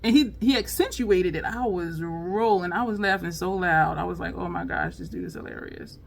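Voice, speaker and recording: At a normal pace and in a gravelly voice, a beauty vlogger chats while applying makeup. Laughing often, she spins a funny story with lively shifts in pitch, and faint background noise can be heard.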